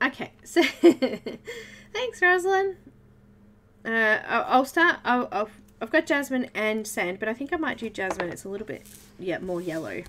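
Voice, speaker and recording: A woman's voice: on the high side, lively intonation, moderate pace, a bit bright. An Australian woman hosting a live colouring tutorial, chatting and giggling with viewers as she works. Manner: chatty, giggly, talks to viewers while working. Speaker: host of a live colouring stream. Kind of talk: casual live tutorial chat.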